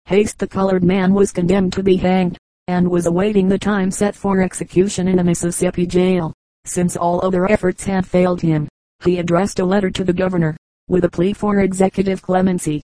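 A woman narrating an audiobook of humorous anecdotes in an even, unhurried reading voice. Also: lowish voice, no room sound, poor audio. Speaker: audiobook reader.

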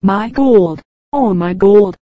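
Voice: mid-range voice, little pitch movement, a little fast, no echo, phone-quality sound, lightly acted. A reader voicing a frantic old male miser in an audiobook fable, wailing over lost gold.

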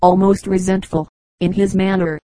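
A woman narrating an audiobook in a steady, measured reading. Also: medium pitch, dry recording, rough recording. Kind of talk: scripted narration.

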